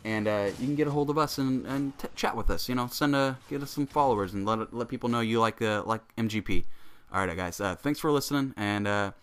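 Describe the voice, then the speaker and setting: A man's voice: mid-range voice, brisk, a bit bright, smooth. A man in his twenties hosting a show, telling a story in a casual, rambling way, swearing freely and laughing often. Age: 20s. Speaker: show host.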